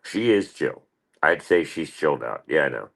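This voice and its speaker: A man's voice: rumbling low, big pitch swings, moderate pace, vocal fry, fairly bright tone. A man hosting a casual livestream, rambling and swearing as he answers chat. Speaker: livestream host.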